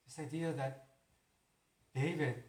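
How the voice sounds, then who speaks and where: A man's voice: on the high side, fairly even intonation, slow, darkish tone. A man preaching a sermon, earnest and building to emphatic declarations. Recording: roomy echo.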